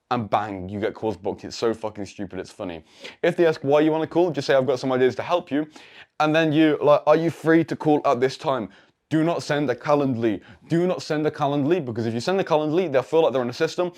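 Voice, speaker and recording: A man's voice: mid-range voice, fast, darkish tone. A teenage man, giving a rambling, blunt screen-share tutorial on coaching, full of slang and swearing. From England. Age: teens. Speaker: online coaching creator. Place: indoor room lit by a projector.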